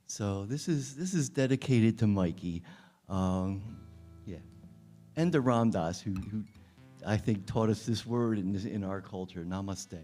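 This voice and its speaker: A man speaks gently and earnestly, sharing a personal story before playing a song. His voice is warm and mellow, and a guitar sounds faintly behind him. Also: fairly low pitch, animated, normal speed. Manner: gentle, earnest and soft-spoken. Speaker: guest musician.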